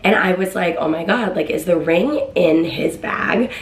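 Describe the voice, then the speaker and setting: Young woman, casual storytime vlog, chatty, excitable, slightly low voice, echoey room. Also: a little slow. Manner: chatty, excitable, acts out quotes in a higher voice. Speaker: vlogger.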